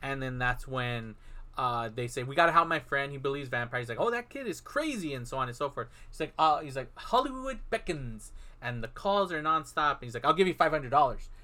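A man's voice: mid-range voice, quick pace, bright, forceful tone. A man co-hosting a podcast, casually recapping a film and acting out the characters' lines as he goes. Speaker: podcast co-host.

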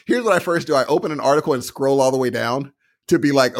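A man co-hosting a podcast, chatting casually and telling animated stories, acting out what other people said. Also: mid-range voice, fast talker. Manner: animated storytelling, acts out quoted voices. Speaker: podcast co-host. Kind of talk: casual chat.

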